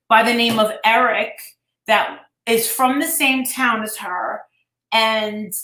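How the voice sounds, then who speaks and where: Casting: woman host, slightly high voice, rambling gossip chat with swearing, echoey room. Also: a bit bright. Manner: rambling, swears freely, retells quotes.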